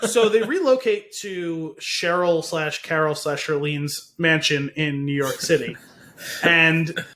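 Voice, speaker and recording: A man with a somewhat high voice chats casually as a podcast co-host. He rambles through a long retelling, pausing and laughing as he goes. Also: pushed and bright, a little hiss or hum. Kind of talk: casual chat.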